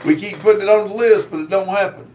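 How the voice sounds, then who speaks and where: A man hosting a casual livestream, reading viewer comments aloud in a slow drawl. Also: high-pitched, darkish tone. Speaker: livestream host reading chat.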